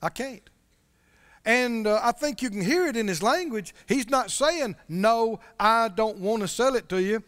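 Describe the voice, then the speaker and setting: High-voiced man preaching in a reverberant hall. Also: expressive, normal speed, hardly any pauses, a bit bright. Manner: conversational preaching, asks the congregation questions. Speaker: pastor. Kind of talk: sermon.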